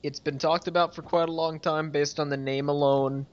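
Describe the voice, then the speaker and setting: A man's voice: a little high, little pitch movement, moderate pace. Man presenting news on a dull, lo-fi podcast. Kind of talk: casual podcast chat. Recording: dull lo-fi audio.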